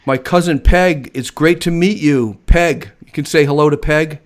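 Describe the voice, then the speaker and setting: A man's voice: a little high, moderate pace. An American man hosting a casual live-stream chat, talking in a chatty, enthusiastic way and laughing often. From United States. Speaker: host.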